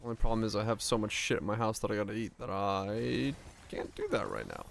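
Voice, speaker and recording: A man's voice: fairly low pitch, very animated, brisk, creaky, a little hiss or hum. A man streaming a game, chatting casually and rambling between jokes. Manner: rambling, joking, laughs often. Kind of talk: casual gameplay chat.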